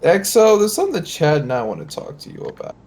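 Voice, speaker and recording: A man's voice: fairly high pitch, huge pitch swings, quick pace, vocal fry, a little mellow. A man co-casting a card game stream, reacting with exaggerated, meme-y quips. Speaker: stream co-caster. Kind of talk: casual esports stream banter.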